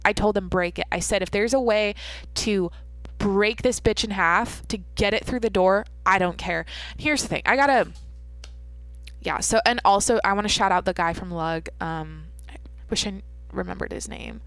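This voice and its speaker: At home at night, a young woman podcast host tells a long, rambling story in a casual solo monologue, swearing and cutting herself off repeatedly. Her mid-range voice is a bit bright, her speed normal, and the recording is dry.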